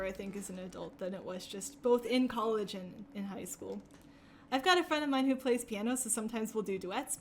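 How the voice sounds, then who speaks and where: Chatty high-voiced young woman. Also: a little hiss or hum. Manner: chatty and rambling, laughs often, many fillers. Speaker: speedrunner streaming a game. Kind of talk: casual chat while playing.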